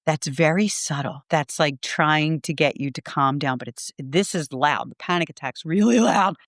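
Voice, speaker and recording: A woman's voice: sits low, normal speed, dry recording, clean studio sound. A middle-aged woman, a Reiki teacher and podcast guest, telling a personal story in an earnest, heartfelt way with lots of "like".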